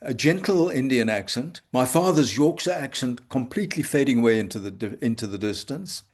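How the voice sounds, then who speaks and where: Older male homeopath, mid-pitched, measured and hesitant, reflective talk. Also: expressive, darkish tone. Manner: measured, halting with frequent pauses. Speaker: homeopath guest. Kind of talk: reflective conversation. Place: home consulting room.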